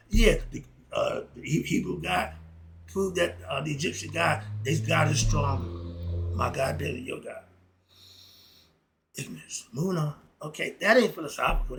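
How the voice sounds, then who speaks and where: A man's voice: a little high, creaky, fairly bright tone. A middle-aged man in a casual, blunt and preachy monologue, full of slang. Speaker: philosophy vlogger.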